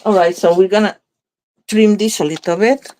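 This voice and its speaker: In this casual crafting demo, a female host makes cards while musing aloud and often catching and fixing her own words. She speaks at a normal pace in a mellow, medium-pitched voice with fairly even intonation.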